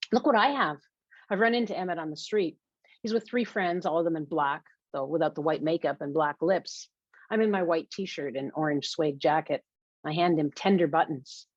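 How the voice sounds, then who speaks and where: A woman's voice: deep voice, normal speed, no echo. Woman narrating a novel, dull dry sound. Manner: confessional, wry first-person telling. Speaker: audiobook narrator. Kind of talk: first-person novel narration.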